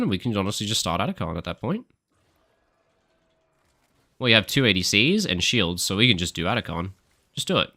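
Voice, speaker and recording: A young man gives live commentary while he plays, his voice bright and ringing. His pitch swings widely as he talks, and he swears freely while calling out orders to his teammates. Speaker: streamer and coach.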